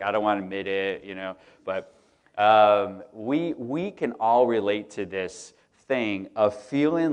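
A relaxed man giving a sermon in a church, chatty and joking with the people in front of him. His voice sits low and easygoing. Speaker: pastor. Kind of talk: casual sermon. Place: church auditorium.

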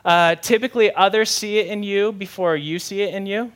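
A man's voice: high voice, fairly even intonation, fairly quick, fairly bright tone. A young adult man, a pastor preaching a sermon in a conversational, candid way with self-deprecating humor.

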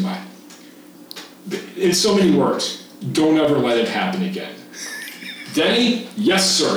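A man in his fifties from Texas tells a camp story with a lively, swooping delivery, laughing and swearing as he goes. His mid-pitched voice sits in a very echoey room, heard from a distance. A faint hiss runs underneath. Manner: animated, laughing, swears freely. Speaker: podcast guest, former camp staff. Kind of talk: storytelling in casual chat.

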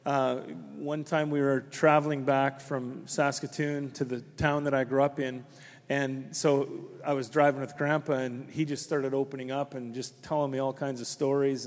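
A man's voice: fairly high pitch, darkish tone. A man preaching a conversational sermon as a pastor, telling stories with many restarts. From Canada. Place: church. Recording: long hall reverb.

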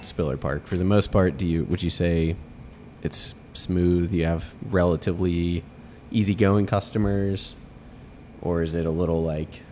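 A man's voice: low-pitched, fairly even intonation, unhurried, darkish tone, slight background noise. A man hosting a casual podcast chat, joking and teasing his guests with wry asides. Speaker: podcast host.

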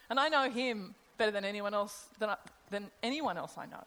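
A woman's voice: mid-range voice, brisk, hardly any pauses, a bit bright. A middle-aged woman preaching a sermon in a conversational way, asking her listeners rhetorical questions. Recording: long hall reverb.

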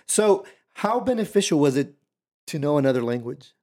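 Casual American male host, lively storyteller, talks straight to the audience. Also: fairly high pitch, moderate pace. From United States. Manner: animated storytelling, addresses listeners directly. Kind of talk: casual chat.

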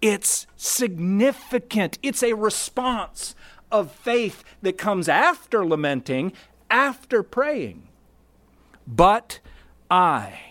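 A man preaching a sermon, emphatic, stressing key words and pausing deliberately between short phrases. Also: high-pitched, lively intonation, fairly bright tone. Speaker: pastor.

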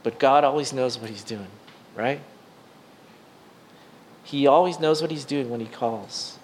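In a sermon, a middle-aged male pastor shares a personal story at a measured pace and medium pitch, over slight background noise. He alternates excited bursts with hushed moments and often restarts or reaches for fillers.

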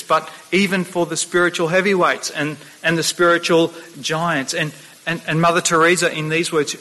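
Earnest stammering preacher in a reverberant hall. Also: male voice, fairly high pitch, bright, forceful tone. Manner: earnest, stammering restarts, slows for quoted scripture. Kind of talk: sermon.

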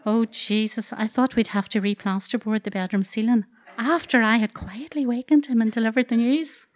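On a live event stage, a woman with a Northern Irish accent tells a true story, wry and earthy, swearing freely and tossing in comic asides. Her voice is fairly high and steady in tone, at a moderate pace.

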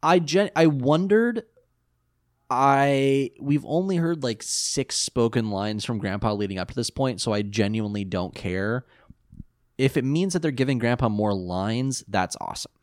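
A man co-hosting a casual podcast recap, animated, joking and sarcastic. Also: medium pitch, measured pace, no room sound, clean studio sound. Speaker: podcast co-host.

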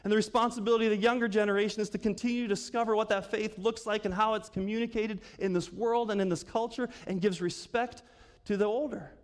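Pastor, male, high voice, easygoing sermon delivery with questions to the congregation, church hall with long reverb. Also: fairly even intonation, quick pace. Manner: conversational, asks the congregation questions, laughs often. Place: church sanctuary.

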